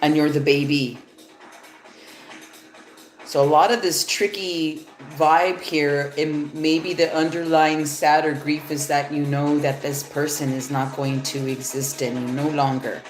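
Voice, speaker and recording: A woman with a low voice reads tarot cards on a live stream, speaking slowly and rambling, with the odd swear word. Her voice sounds echoey in the room, and faint music plays behind her. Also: fairly even intonation. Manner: casual, rambling, swears freely. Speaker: tarot reader. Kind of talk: live-stream card reading.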